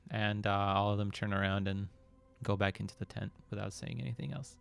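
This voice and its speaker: A man running a tabletop game as game master, narrating in a relaxed way with many fillers. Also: fairly low pitch, brisk, gravelly, clear, resonant tone, no echo.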